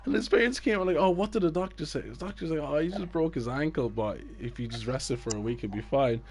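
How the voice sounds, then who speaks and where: A man's voice: on the high side, fast, darkish tone, breathy edge. A man, a youth football coach telling a story in a casual chat with friends and acting out the people he quotes. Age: 20s.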